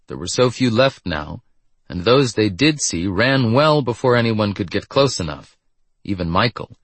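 Deep husky male narrator. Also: lively intonation, normal speed, no echo. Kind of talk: scripted narration.

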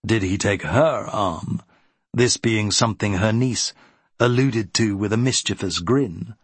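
A man narrating a period novel as an audiobook in a steady, even manner. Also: fairly low pitch, a little slow, husky, dry recording.

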